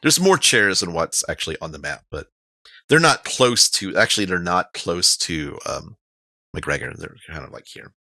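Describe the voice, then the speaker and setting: Lively, low-voiced male game master. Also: moderate pace, gravelly, no room sound. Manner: casual, rambling narration. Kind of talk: narrating a tabletop game.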